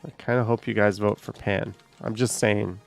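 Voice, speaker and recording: A man's voice: fairly low pitch, fairly even intonation, moderate pace, vocal fry, soft background music. A man live streaming, chatting casually with viewers, rambling and swearing at voice assistants when annoyed.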